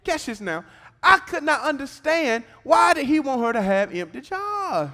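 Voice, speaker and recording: A man with a Southern US accent preaching a sermon, swinging between hushed asides and shouted calls to the congregation. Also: very high voice, big pitch swings, moderate pace. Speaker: pastor. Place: church sanctuary. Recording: church hall reverb.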